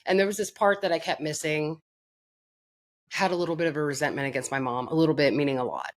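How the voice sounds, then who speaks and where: A woman's voice: deep voice, fast talker. A woman from Florida, a podcast guest telling her own story in a candid, blunt and profane way, mocking herself.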